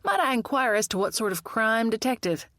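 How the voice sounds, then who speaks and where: A woman's voice: a little high, lively intonation, fairly quick, a bit bright, no echo, clean studio sound, voice pushed up. A woman doing a reedy, smug pub owner. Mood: oily. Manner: insincere, sneering politeness.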